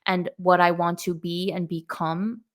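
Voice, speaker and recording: Low-voiced woman telling a candid story. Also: little pitch movement, measured pace. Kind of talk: casual podcast conversation.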